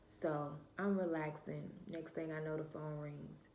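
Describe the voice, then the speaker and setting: A woman's voice: sits low, flat delivery, a little slow, a little mellow, reverberant, slight background noise. A woman vlogger telling a personal story in a casual, candid monologue, swearing freely and talking straight to her viewers. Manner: emphatic, repeats herself and trails off with "da, da, da".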